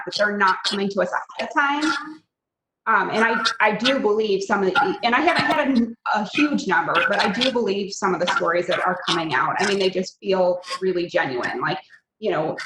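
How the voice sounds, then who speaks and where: A woman teacher speaking on a video call in a quick, earnest way, full of asides. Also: medium pitch. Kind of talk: casual meeting talk. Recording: echoey room with background noise.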